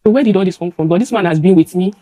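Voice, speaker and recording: A young woman with a Nigerian accent giving emotional testimony before a judge, rushing and halting with many restarts and repeated words. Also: lowish voice, dark tone, low-quality recording.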